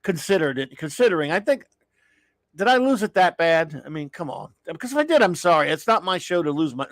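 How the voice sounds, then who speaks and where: Middle-aged male host, exasperated and rambling, fairly high voice, dry recording. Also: big pitch swings, a little fast, fairly bright tone, no room sound. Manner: exasperated, rambling, with sighs and restarts. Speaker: show host. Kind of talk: casual live-stream rant.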